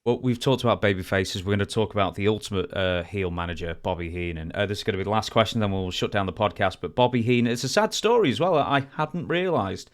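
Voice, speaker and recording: A man co-hosting a podcast, recounting background in a measured way before asking questions. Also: fairly low pitch, animated. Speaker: podcast co-host. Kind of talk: interview questions.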